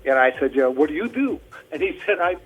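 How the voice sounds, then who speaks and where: A man's voice: a little high, expressive, fast, breathy edge, muffled recording, soft background music. An American man, a tribute performer, recounting how things came together in an easygoing, conversational way on a radio interview. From United States. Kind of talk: casual interview storytelling.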